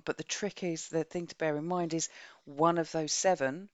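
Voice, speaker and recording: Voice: medium pitch, fairly even intonation, moderate pace, dry recording. A podcast co-host recapping a book's plot in a casual, rambling way, with many restarts.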